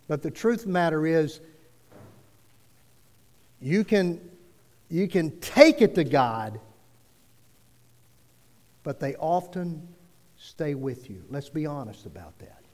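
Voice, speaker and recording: Male pastor, high animated delivery, earnest sermon, long church-hall reverb. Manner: earnest, preacherly rises and drops, slow emphatic phrasing. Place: church sanctuary.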